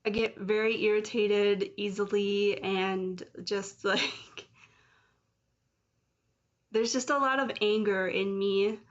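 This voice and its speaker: A woman's voice: mid-range voice, fairly even intonation, slow pace, pauses often. Emotional woman venting in a lo-fi vlog. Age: late 30s. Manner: raw, emotional, angry and confessional. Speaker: vlogger. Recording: dull lo-fi sound.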